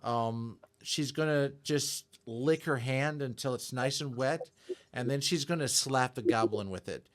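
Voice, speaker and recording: A man's voice: mid-range voice, a little slow. A man playing in a tabletop game, narrating what his character does in casual, amused speech. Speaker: player.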